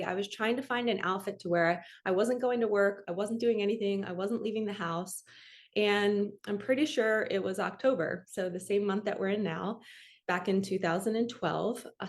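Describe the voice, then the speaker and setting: A woman in her forties, a manifestation coach, telling a personal story in a candid, emotional, rambling way. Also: mid-range voice.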